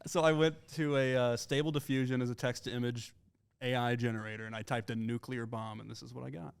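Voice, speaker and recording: A man's voice: medium pitch, steady tone, brisk, gravelly, smooth. A man taking part in a comedy podcast, laid-back and dry in casual chat.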